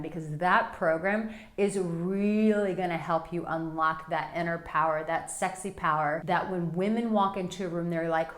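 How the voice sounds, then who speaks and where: A woman dating coach giving advice to men straight to camera, animated and playful, acting out little quotes and stretching words for emphasis. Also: lowish voice, reverberant. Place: Monaco.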